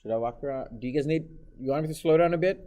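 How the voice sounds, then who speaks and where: A man's voice: fairly high pitch, rapid-fire, mellow. A man teaching math in a classroom, lecturing live and teasing his students with jokes.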